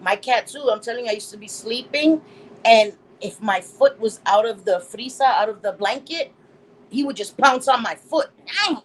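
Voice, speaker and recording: A middle-aged woman hosting a casual live stream, reading chat comments aloud and telling stories in an animated way, laughing often. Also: on the high side, normal speed, rough recording. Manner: animated storytelling, laughs often, acts out quotes.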